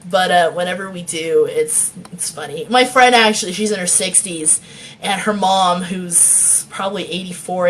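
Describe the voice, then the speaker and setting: A woman's voice: medium pitch, fairly bright tone, a little hiss or hum. A woman author reading her novel aloud and chatting with viewers, laughing often and swearing freely, on a phone mic.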